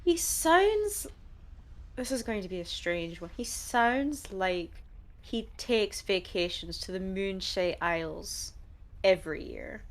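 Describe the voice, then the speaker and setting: A woman playing a tabletop game, joking and chatting in an animated way. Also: medium pitch, slow pace. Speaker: player. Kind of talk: casual tabletop game chat.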